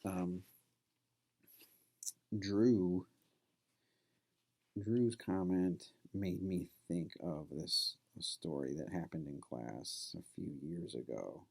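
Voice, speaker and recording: Low gravelly-voiced male professor. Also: a little mellow. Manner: casual and conversational, loose with fillers. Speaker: college professor. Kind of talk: classroom lecture with anecdote.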